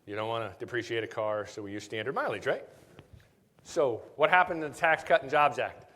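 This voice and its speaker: A man's voice: medium pitch, fairly quick, fairly bright tone. A man presenting a live tax seminar at a conference, telling jokey stories and often checking in with "right?". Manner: jokey, storytelling, keeps asking "right?". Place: conference hall. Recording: reverberant conference hall.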